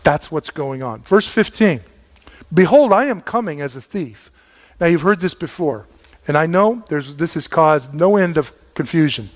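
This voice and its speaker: A man's voice: a little high, animated, normal speed, big-room sound. A middle-aged man preaching a sermon, folksy and storytelling, repeating words for emphasis. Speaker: pastor.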